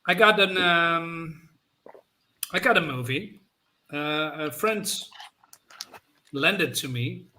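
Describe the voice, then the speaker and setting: Hesitant guy on a stream, very bright sharp voice, kinda high. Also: slow, long pauses. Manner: hesitant, full of ums. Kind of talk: casual livestream chat.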